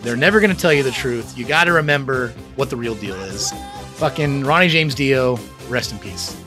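This podcast co-host has a mid-range voice and talks at a normal speed, sounding animated. He rambles enthusiastically about music in a casual chat, full of fillers and restarts, with some swearing thrown in.

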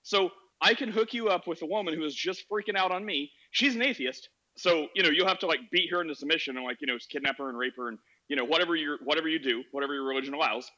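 A man's voice: on the high side, fast, few pauses, sharp tone, dull audio. A man hosting a podcast, telling a story in a sarcastic, laughing, casual way on a social audio app. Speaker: podcast host.

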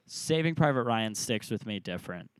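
A man's voice: fairly low pitch, normal speed, no room sound. Earnest young man, dry close sound. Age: 20s. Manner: earnest, animated, laughs often. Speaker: podcast co-host. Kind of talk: casual chat.

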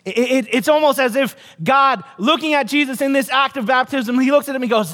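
A man preaching a sermon as pastor, earnest, repeating key phrases and dropping low for emphasis. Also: brisk, hardly any pauses, fairly bright tone, long reverb tail.

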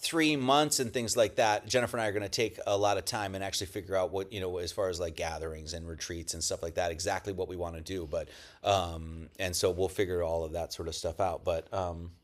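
A man's voice: deep voice, steady tone, brisk. A man giving a casual, rambling church talk as pastor, joking and swearing, with many restarts. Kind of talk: casual sermon. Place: at home with dogs nearby.

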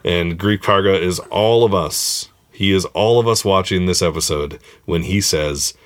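A man's voice: low-pitched, unhurried. A man in casual podcast chat, talking enthusiastically with lots of fillers and restarts. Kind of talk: casual chat recapping a TV episode.

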